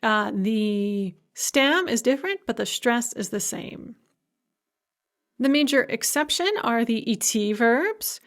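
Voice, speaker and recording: A woman giving a recorded language lecture, explaining grammar patiently and slowing down to pronounce example words, with a touch of light humor. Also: fairly high pitch, lively intonation.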